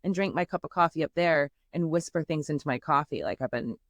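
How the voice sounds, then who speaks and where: A woman's voice: low voice, steady tone, fast, no echo. A woman hosting a podcast in casual chat, rambling and filler-heavy with lots of "like" and "you know". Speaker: podcast host.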